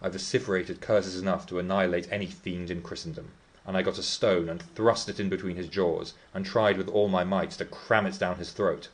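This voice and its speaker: A man's voice: low-pitched, fairly even intonation, brisk, lightly acted. A man reading the part of Heathcliff, a brooding, defiant teenage boy, telling his tale with scorn and vehemence. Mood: scornful.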